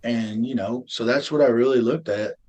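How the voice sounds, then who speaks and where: A middle-aged man bluntly telling his life story as an interview guest, often dropping to a low, intense murmur. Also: moderate pace, darkish tone. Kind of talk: emotional personal storytelling.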